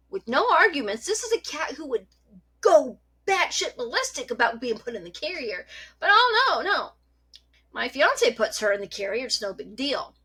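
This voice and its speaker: Woman vlogger, casual storyteller, higher-pitched, animated and foul-mouthed. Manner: chatty, animated, swears freely.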